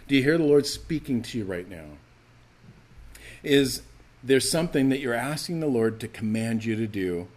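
Man preaching an animated sermon. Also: lowish voice. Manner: animated, acts out quoted lines, rising to emphatic calls. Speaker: pastor.

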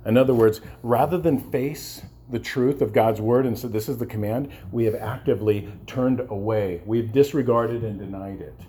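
Man preaching, mellow dark tone, husky, passionate, stumbles and restarts. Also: medium pitch, moderate pace, hardly any pauses. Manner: passionate, repeats words and restarts, asks the congregation "amen?". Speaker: pastor. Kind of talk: sermon.

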